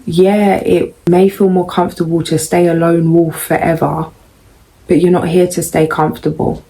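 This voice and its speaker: A woman doing a casual tarot reading, musing and unhurried, with frequent pauses and ums. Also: on the low side, level tone, dark tone, poor audio. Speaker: tarot reader.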